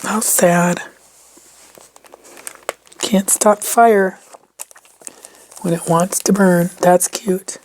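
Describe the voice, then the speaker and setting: A woman vlogger chatting through a shopping haul in a gushing, chatty way, sometimes dropping into soft whispers. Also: medium pitch, takes it slowly, pauses often, soft background music. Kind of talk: casual haul vlog chat.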